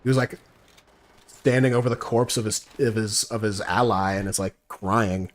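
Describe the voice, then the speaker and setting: A man's voice: fairly low pitch, fairly even intonation, moderate pace. A young man giving casual gameplay commentary, brash and profane, mocking as he tells stories. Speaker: gaming streamer.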